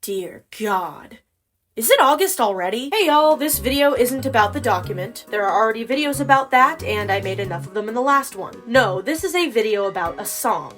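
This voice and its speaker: A woman's voice: a little high, animated, brisk, hardly any pauses, fairly bright tone, faint music behind. A woman narrating a scripted commentary video in an earnest, candid way with playful asides. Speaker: video essayist.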